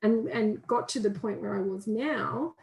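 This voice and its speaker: A woman's voice: medium pitch, unhurried, vocal fry, a little mellow, echoey room, low-quality recording. A woman counsellor giving an informal, conversational training talk and acting out inner voices in quotes. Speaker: counsellor and guest speaker.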